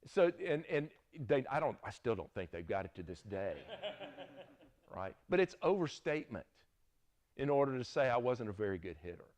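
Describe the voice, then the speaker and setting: A man's voice: on the low side, big pitch swings, normal speed, a little mellow. Southern guy teaching bible class, folksy, tells stories, keeps asking "right?", middle-aged. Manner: folksy, storytelling, frequent "right?" checks.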